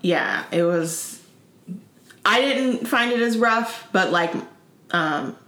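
A woman's voice: mid-range voice, slow pace. A woman in her thirties in casual podcast chat, telling stories with laughs and sung-out bits. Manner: laughing, animated storytelling. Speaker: podcast co-host. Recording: echoey room.

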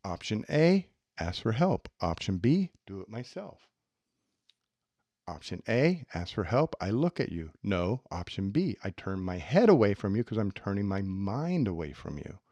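Lively, animated male podcast host. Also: lowish voice, unhurried, no echo, lo-fi sound. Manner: animated, acts out little scenes. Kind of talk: teaching self-help talk.

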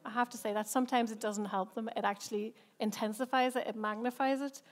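Talking fast in an even, somewhat high voice, a female senior pastor gives a sermon built around personal anecdotes. She pokes fun at herself, keeps things chatty, and laughs a lot.

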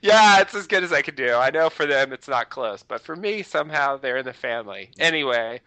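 A man's voice: medium pitch, animated, fairly quick, sharp tone, clear, resonant tone, dry recording, poor audio. A man co-hosting a podcast in casual chat, rambling and peppering his talk with "you know" and restarts. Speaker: podcast host.

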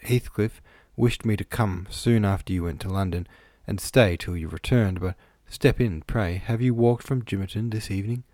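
A brisk, motherly older housekeeper, as a man voices her in a storybook reading, bustling and practical. The voice sits a little higher than his own low, dry tone. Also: a little mellow, no echo, close to an everyday voice.

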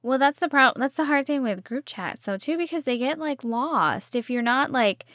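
A woman's voice: high-pitched, animated, normal speed, a bit bright, dry recording, clean studio sound. A woman co-hosting a podcast in casual, jokey chat. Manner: laid-back, jokey, says "like" often. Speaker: podcast co-host.

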